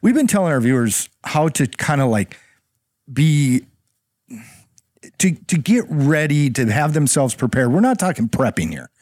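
A man's voice: fairly high pitch, very animated, unhurried, a little mellow, no echo, studio quality. A man co-hosting a casual talk show, chiming in with agreement and explaining what the show is about. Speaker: co-host.

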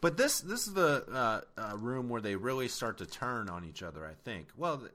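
A man in casual podcast chat about a film, animated and profane, often laughing. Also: mid-range voice, normal speed. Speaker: podcast co-host. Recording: music playing underneath.

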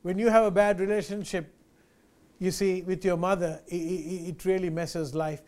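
A man's voice: sits high, steady tone, moderate pace, darkish tone. A male pastor preaching a sermon, earnest and emphatic, repeating key phrases and addressing listeners as friends.

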